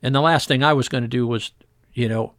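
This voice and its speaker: A man who works as a fishing guide, telling old stories in a relaxed interview and acting out the voices of people in them. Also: mid-range voice, brisk, dry recording, studio quality. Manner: animated storyteller acting out voices in quotes. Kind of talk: storytelling interview chat.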